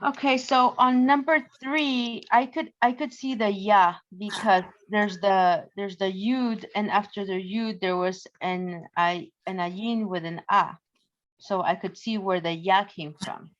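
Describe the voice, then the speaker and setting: A woman's voice: mid-range voice, fairly even intonation, measured pace, a bit bright. Female student, inquisitive, careful questions, dull lo-fi recording. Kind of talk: asking questions in class. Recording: dull lo-fi sound.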